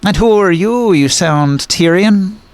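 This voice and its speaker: A woman's voice: lowish voice, lively intonation, takes it slowly, darkish tone. A man voicing a woman who speaks with a thick drawl in a tabletop role-playing game. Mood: curious. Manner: drawling, folksy.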